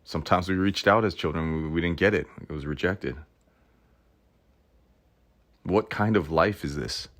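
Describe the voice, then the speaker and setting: A man's voice: low-pitched, normal speed, pauses often, fairly bright tone. A man hosting a podcast, talking in a reflective monologue that is earnest and self-questioning, with wry asides and restarts. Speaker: podcast host.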